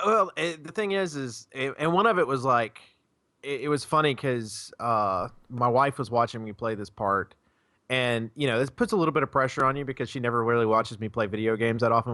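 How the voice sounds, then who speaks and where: A man's voice: mid-range voice, fairly quick, sharp tone, no echo. A man on a casual gaming podcast, telling a story in a rambling, hesitant way. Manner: rambling, hesitant, many restarts. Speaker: podcast co-host.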